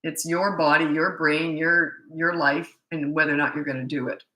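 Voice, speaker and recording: A middle-aged woman parenting coach answers questions in a live Q&A. Her voice is lowish and very bright, and her talk is blunt, candid and chatty. The room around her sounds echoey. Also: fairly even intonation, normal speed.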